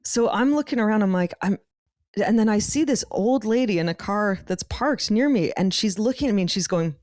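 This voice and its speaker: Podcast co-host, woman, halting casual storytelling, mid-pitched, close dry mic. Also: expressive, a little mellow, no room sound. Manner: halting, many restarts and repeated words.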